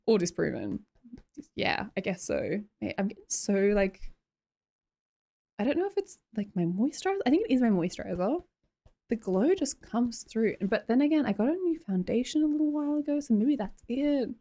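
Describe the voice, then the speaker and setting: A young woman with an Australian accent chats on a livestream and keeps breaking into giggles. Her pitch swings widely from line to line. She sounds close to a desk mic in a home room. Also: very animated, moderate pace, warm tone. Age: young adult. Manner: giggly, chatty, reads chat aloud. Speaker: live streamer. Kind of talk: casual livestream chat.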